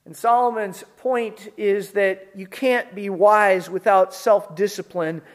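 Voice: mid-range voice, bright, forceful tone. Earnest conversational preacher. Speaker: pastor. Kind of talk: sermon.

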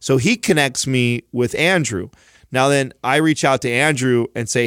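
A man's voice: mid-range voice, moderate pace, fairly bright tone, clear, resonant tone, no echo, studio quality. A man co-hosting a fitness podcast, chatting casually and telling stories, acting out the voices of people he quotes. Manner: storytelling, acts out quoted voices. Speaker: podcast co-host. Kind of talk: casual chat.

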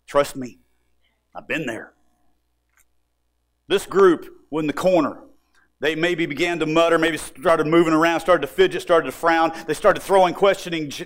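A man preaching a sermon, animated, and acting out the voices of people he quotes. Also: fairly high pitch. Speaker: pastor.

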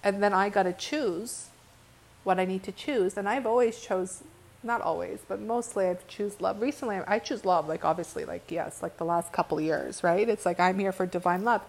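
A woman's voice: medium pitch, moderate pace, creaky. A woman giving an earnest, impassioned spiritual monologue to her viewers. She talks bluntly, curses now and then, and restarts her sentences often with "like". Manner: blunt, with occasional cursing. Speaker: spiritual teacher.

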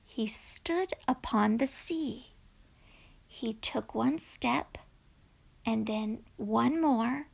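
A woman reading a rhyming children's story aloud in a gentle voice that drops to whispers. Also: fairly high pitch, drawn-out words, vocal fry, husky.

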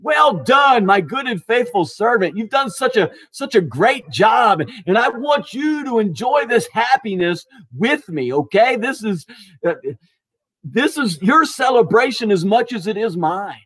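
A man voicing a demanding wealthy master in a retold parable, emphatic and loud in praise and rebuke. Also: high-pitched, very animated, normal speed. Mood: praising. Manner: emphatic, praising loudly then scolding.

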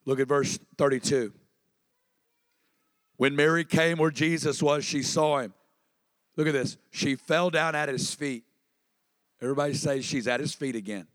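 High-pitched guy preaching in a church, chatty, keeps getting the crowd to repeat stuff, long reverb in the hall. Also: steady tone, a little slow, long pauses. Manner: conversational preaching that prompts the congregation to respond. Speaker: pastor. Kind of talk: sermon.

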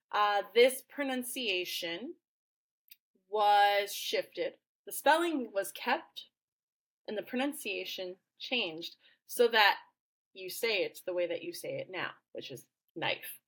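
A woman's voice: medium pitch, a bit bright. A woman co-hosting a casual educational podcast, a former teacher who talks playfully with many fillers and frequent laughs. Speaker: podcast co-host.

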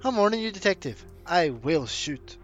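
A man's voice: high voice, big pitch swings, moderate pace, a bit bright, highs cut off, soft background music. A man voicing a cornered male criminal with a put-on Irish accent in a comedy podcast skit. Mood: menacing. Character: cornered male criminal Colin, nervous and threatening.

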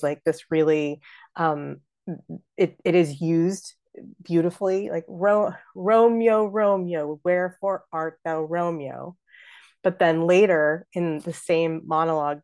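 Low-voiced woman teaching verse. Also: darkish tone. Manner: chatty and explanatory, with many fillers. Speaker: podcast host and theater artistic director. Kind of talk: explaining verse speaking in a podcast.

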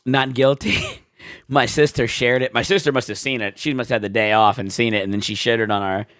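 A man's voice: medium pitch, brisk, no room sound, studio quality. A man co-hosting a casual podcast chat, telling stories with lots of swearing and acted-out quotes. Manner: animated storyteller, swearing, mimics people in story. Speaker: podcast co-host.

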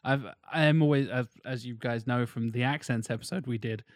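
A man co-hosting a casual film podcast, animated and emphatic, swearing freely. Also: medium pitch, a little fast, no room sound. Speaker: podcast co-host.

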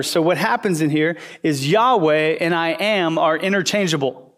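A man with a somewhat high voice gives a relaxed, conversational sermon. He leans on fillers and playfully acts out the people in his story. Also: moderate pace. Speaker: teacher. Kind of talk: casual sermon teaching.

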